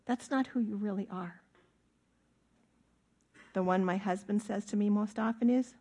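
A middle-aged woman preaches from the pulpit in an earnest, emphatic way. She leans on key words and draws them out slowly, then lets her voice drop low and quiet for the tender points. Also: husky. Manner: earnest, emphatic, with drawn-out stresses. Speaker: pastor. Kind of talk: sermon.

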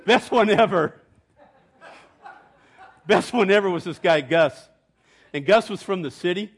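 A middle-aged male pastor with a high, husky voice preaches unhurriedly. His sermon moves between soaring, emphatic proclamation and hushed, chuckling storytelling.

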